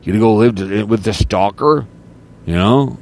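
A man's voice: fairly low pitch, normal speed, darkish tone. A male streamer ranting in a monologue, firing repeated accusatory rhetorical questions. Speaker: streamer and podcast host.

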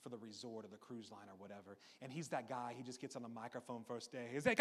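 A young adult man preaching a sermon, energetic and joking, often repeating his key phrases. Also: mid-range voice, fast talker, few pauses. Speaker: pastor. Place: church hall. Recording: echoey hall.

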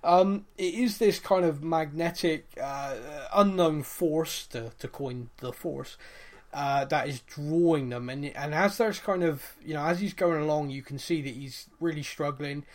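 Chatty man, slightly high voice. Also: measured pace. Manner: animated, rambling retelling with fillers and acted-out quotes. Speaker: podcast co-host. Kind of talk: casual chat recapping a TV series.

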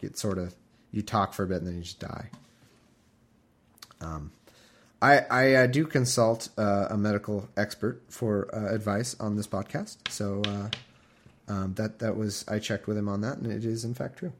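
A man's voice: on the low side, moderate pace. A man hosting a podcast, reading scripture aloud with wry, irreverent asides. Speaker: podcast host. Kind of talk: comedic scripture reading with commentary.

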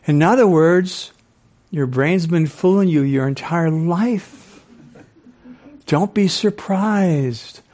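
An older man giving a live lecture to an audience as a speaker and professor, animated, often quizzing listeners with questions. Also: a little high, slow pace, long pauses. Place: club hall with a live audience.

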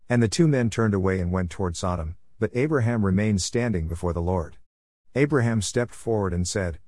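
A man giving a steady, measured scripture reading. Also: lowish voice, no echo, studio quality. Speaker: scripture reader.

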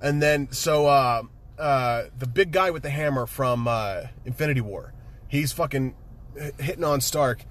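A man casually retelling a movie with excitement, swearing freely and laughing often. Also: mid-range voice, unhurried. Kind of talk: casual chat, movie recap.

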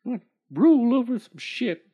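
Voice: medium pitch, animated, moderate pace, breathy edge, voice pushed up. A performer voicing a greedy, domineering old woman who swears and barks orders, in a comic storybook reading. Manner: foul-mouthed, shouting orders. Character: greedy bossy old woman turned ruler.

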